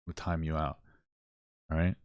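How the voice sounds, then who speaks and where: A man's voice: extremely low pitch, little pitch movement, normal speed, a little mellow, no echo. A young man talking through a live stream reaction, blunt, irritated at times, swearing and saying "like" a lot. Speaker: livestream commentator reacting to a video.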